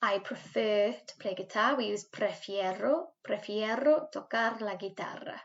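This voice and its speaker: A woman with a Welsh accent leads a recorded school Spanish lesson from home, sounding out each phrase slowly and patiently so pupils can repeat it. Her pitch sits in an ordinary middle range. The recording is slightly dull and lo-fi. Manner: patient, modelling words slowly for repetition. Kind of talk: recorded remote language lesson.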